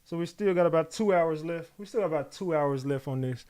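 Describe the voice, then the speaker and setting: A man with a New York accent commenting live on a trial, reading updates aloud and talking to his chat in a profane, animated way. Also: fairly high pitch, a little fast, dry recording. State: out of breath. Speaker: livestream commentator.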